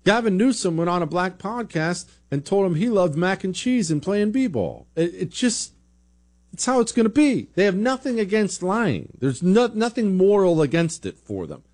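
Male opinion host, sarcastic and blunt, expressive delivery, conversational commentary. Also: high-pitched, moderate pace. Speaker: political talk show host.

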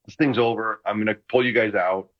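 A man in his sixties, a retired football player calling in from a room at home, telling lively stories in casual chat. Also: on the low side, brisk, highs cut off. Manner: animated, enthusiastic anecdotes. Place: home room full of memorabilia.

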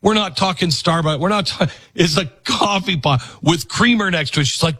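A man's voice: high voice, moderate pace, bright, forceful tone, slightly rough, no room sound. A man hosting a talk show, delivering an impassioned, preachy monologue to a studio audience. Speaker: host.

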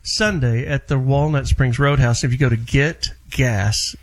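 A man's voice: mid-range voice, steady tone. A man hosting a talk show, eagerly promoting an event and introducing his guest. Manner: eager, promotional, rushes at times. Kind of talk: casual talk show chat.

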